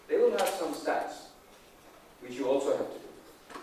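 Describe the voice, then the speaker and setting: Energetic man speaking in an echoey hall. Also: a little high, moderate pace, a little hiss or hum. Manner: energetic, emphatic, conversational with audience check-ins. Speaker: conference speaker, leadership trainer. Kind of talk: conference keynote talk. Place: large conference hall. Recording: distant, echoey hall recording.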